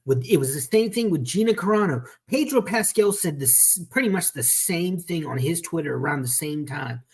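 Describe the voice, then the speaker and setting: Husky-voiced man telling rambling stories. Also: a little high, expressive, moderate pace. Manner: rambling anecdotal storytelling. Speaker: podcast host. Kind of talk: casual chat. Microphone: video call.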